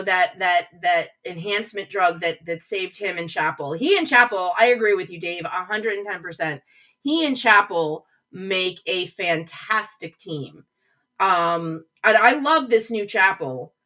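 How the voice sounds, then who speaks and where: Chatty, bright-voiced woman livestream host. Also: mid-range voice. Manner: gushing, chatty, reads out chat comments. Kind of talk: casual live chat with viewers. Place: home office.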